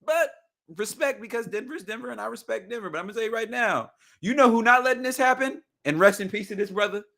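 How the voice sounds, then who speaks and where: A man co-hosting a casual podcast chat, animated, slangy and profane, restarting phrases often. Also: very high-pitched, fast talker, vocal fry. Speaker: podcast co-host.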